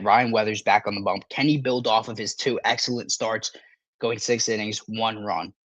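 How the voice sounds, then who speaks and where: Throat-clearing excitable male sports podcaster. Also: fairly low pitch, no echo. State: parched throat, coughing. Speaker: podcast host. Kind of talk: casual live-stream sports talk.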